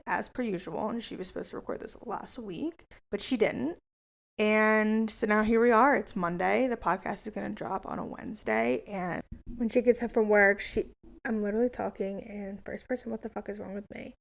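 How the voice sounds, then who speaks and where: A woman's voice: medium pitch, vocal fry. A young woman in her twenties hosting a casual solo podcast, chatty, rambling and profane. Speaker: podcast host.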